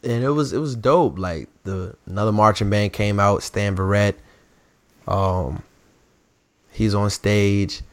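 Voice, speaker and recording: A man's voice: lowish voice, slow pace, no echo. A young man from the DMV area co-hosting a casual chat, telling stories and acting out quotes in raised voices. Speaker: podcast co-host.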